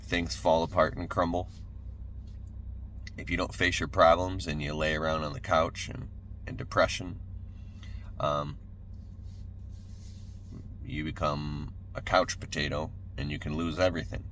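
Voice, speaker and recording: A man's voice: rumbling low, little pitch movement, a little slow, long pauses, fairly bright tone, slight background noise. A man giving an emphatic motivational monologue, blunt and casual, swearing now and then. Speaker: motivational speaker.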